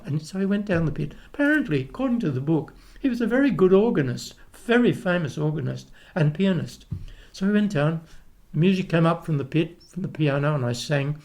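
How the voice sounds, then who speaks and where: A retired Australian opera tenor, now an older man, rambles through anecdotes in a casual storytelling interview, restarting as he goes and slipping into the voices of people he remembers. His slightly high voice has a gravelly, creaky edge, and he talks a little fast.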